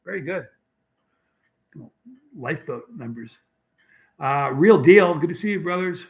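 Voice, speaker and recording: Rambling male livestream host, slightly high voice. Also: expressive, unhurried, gravelly, phone-quality sound. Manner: rambling storyteller, greets chat viewers. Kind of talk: casual livestream chat.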